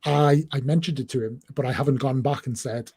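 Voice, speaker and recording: A chatty man with a northeast English accent hosts a relaxed livestream conversation. His voice is husky and mellow, and he rambles along, often restarting his sentences. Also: mid-range voice, a little fast. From northeast England. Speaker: host. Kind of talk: casual chat on a livestream.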